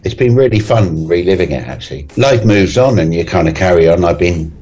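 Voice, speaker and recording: A genial man in his sixties speaks in a deep, low voice, rambling through a relaxed radio chat. His delivery swings up and down in lively pitch. Faint music sits behind him. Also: brisk, poor audio. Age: 60s. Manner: genial, rambling, with fillers and chuckles. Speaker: guest comedian.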